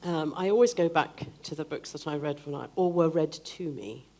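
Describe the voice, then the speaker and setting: A woman's voice: sits low, moderate pace, dark tone. An older woman speaking at a book festival event, hesitant and often repeating words as she searches for them. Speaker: festival speaker, theatre producer and author. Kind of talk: live onstage conversation.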